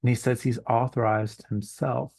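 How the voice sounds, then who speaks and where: A man giving a recorded university lecture, hesitant and full of ums and uhs, thinking aloud and slowing down on examples. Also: mid-range voice, flat delivery, gravelly, a little mellow, dry recording. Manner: slows down on quoted examples.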